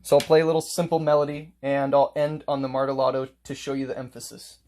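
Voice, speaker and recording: A man's voice: medium pitch, level tone, fast talker, darkish tone. A man teaching a casual music lesson, explaining note markings step by step and playing examples on his instrument.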